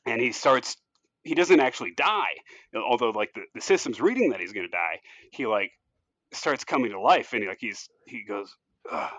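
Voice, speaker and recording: A man casually pitching a movie story on a podcast, rambling loosely with lots of "like" and "you know" and frequent restarts. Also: expressive, moderate pace, a bit bright, no echo. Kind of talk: casual chat.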